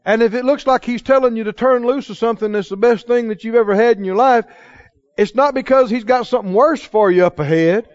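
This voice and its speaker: A man preaching a sermon in church, emphatic, drawing call-and-response from the congregation and slowing down to stress key phrases. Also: very high-pitched, lo-fi sound. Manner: slows for key phrases, acts out dialogue in quoted voices. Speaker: pastor.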